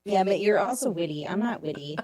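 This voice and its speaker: A young adult woman co-hosting a podcast in casual chat, self-deprecating and quick to laugh. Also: medium pitch, expressive, dark tone. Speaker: podcast co-host.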